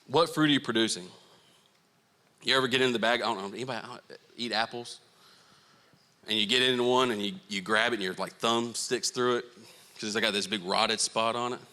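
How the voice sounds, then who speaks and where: Young man, Southern US accent, youth pastor, playful and animated, bright forceful tone. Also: mid-range voice, fairly quick, pauses often. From Florida. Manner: animated, joking, playful asides to the crowd. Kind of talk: youth sermon.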